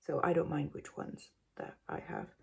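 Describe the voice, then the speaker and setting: A woman's voice: low-pitched, wildly swooping pitch, moderate pace, gravelly, warm tone, husky, whispered. A woman vlogging casually from home, rambling and self-mocking, with many fillers. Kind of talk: casual chat to camera.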